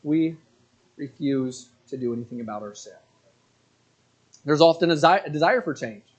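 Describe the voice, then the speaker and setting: High-voiced man preaching a sermon. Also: muffled recording. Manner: animated preaching, rising to indignant outbursts. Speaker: pastor. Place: church sanctuary.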